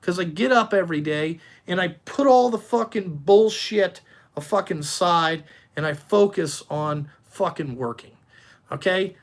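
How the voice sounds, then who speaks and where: A man who runs a dump truck business, ranting bluntly and with heavy swearing during a livestream while answering viewers' comments. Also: high-pitched. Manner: repeats himself, halting restarts. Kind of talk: profane livestream rant, answering chat.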